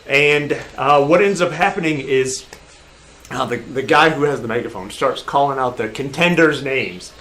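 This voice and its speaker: A man narrating a tabletop game as game master, animated and laughing, breaking into loud crowd voices. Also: mid-range voice, moderate pace.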